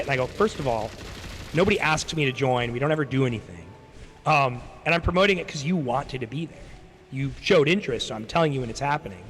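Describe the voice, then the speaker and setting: Chatting casually on his stream, a young man rambles through a story, swearing freely and acting out what others said. His voice is a little high and a bit bright. The recording has long reverb and faint background noise.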